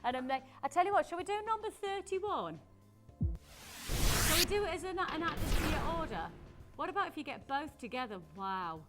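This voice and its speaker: A woman presenting a live home shopping show, chatty and persuasive as she gushes over the jewellery. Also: sits high.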